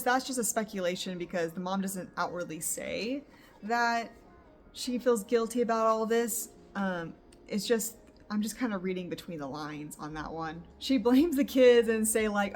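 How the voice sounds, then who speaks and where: A woman's voice: medium pitch, slight background noise. A young woman book vlogger chatting casually at home about a novel she is reading, reacting with laughs. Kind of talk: casual reading vlog chat. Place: home in the countryside.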